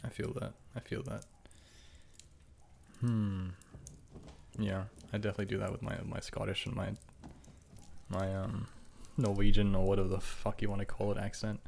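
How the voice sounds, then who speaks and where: 걸걸하게 갈라지는 저음의 남자 목소리. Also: male voice, on the low side, level tone, normal speed, creaky, pauses often, a little mellow, a little hiss or hum. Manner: joking, repeats words, swears. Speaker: game master. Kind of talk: casual podcast chat.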